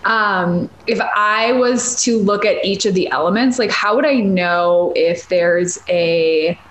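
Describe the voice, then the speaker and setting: A woman's voice: medium pitch, takes it slowly, echoey room, a little hiss or hum, rough recording. A woman with a Minnesota accent hosting a podcast, asking curious questions in a casual, chatty way with many "like" fillers, recorded at home in her apartment. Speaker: podcast host. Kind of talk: casual interview chat.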